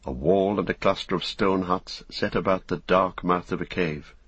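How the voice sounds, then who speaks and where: Deep, husky male audiobook narrator. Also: steady tone, a bit bright, no echo, muffled recording. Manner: measured, deliberate reading. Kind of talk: scripted narration.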